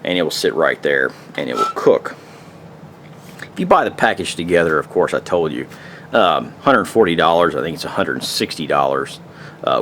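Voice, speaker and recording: A man's voice: sits low, a bit bright, slight background noise. A man casually demonstrating camping gear, rambling in profane, folksy slang. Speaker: outdoor gear reviewer.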